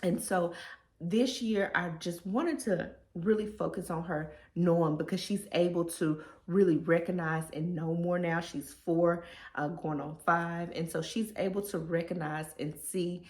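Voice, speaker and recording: A woman's voice: lowish voice, steady tone, measured pace, darkish tone. Heartfelt woman vlogging in an echoey room. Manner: heartfelt, emotional, casual. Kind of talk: reflective personal vlog.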